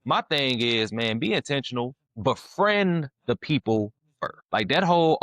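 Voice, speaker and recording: A man talking casually about faith and dating as a podcast guest, animated and fond of "you know what I'm saying", sometimes acting out his prayers. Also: medium pitch, normal speed, hardly any pauses, no room sound. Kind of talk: casual faith-based conversation.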